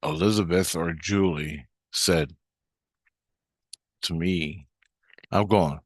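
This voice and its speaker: Slow and fairly even in intonation, a vlogger with a deep, slightly rough voice recounts a personal story on a dry studio recording. The monologue is rambling and casual, with frequent fillers and restarted sentences.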